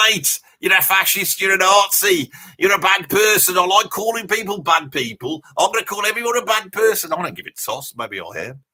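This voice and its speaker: A man's voice: a little high, pushed and bright, heavily acted. A man putting on a brash, mouthy metalhead bloke with a Birmingham accent, blustering and rambling through a live reaction stream. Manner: blustering and rambling, swears casually, laughs at his own jokes. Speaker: livestream host in character.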